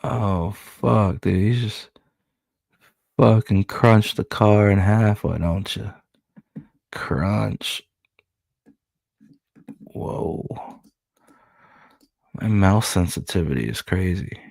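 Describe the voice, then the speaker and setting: Deep gravelly laid-back streamer guy. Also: slow, darkish tone, no echo. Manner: laid-back, swears freely, chuckles at credits. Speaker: streamer reading comics. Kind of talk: casual comic book reading commentary.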